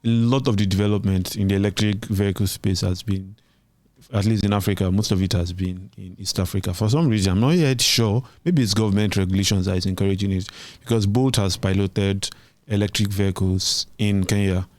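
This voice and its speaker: A man's voice: lowish voice, fairly even intonation, brisk, a little mellow, no echo. A man co-hosting a tech podcast, thinking aloud in a casual, hesitant way. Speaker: podcast co-host.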